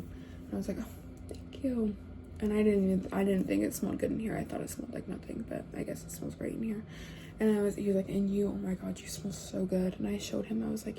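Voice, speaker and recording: A young woman telling a casual storytime, chatty and full of fillers, often dropping to hushed tones. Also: mid-range voice, creaky, slight background noise.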